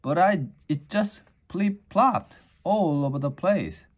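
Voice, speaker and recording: A man voicing a simple-hearted, literal-minded housemaid in a homey, folksy drawl, a little above his usual pitch. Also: expressive, slow, full character voice.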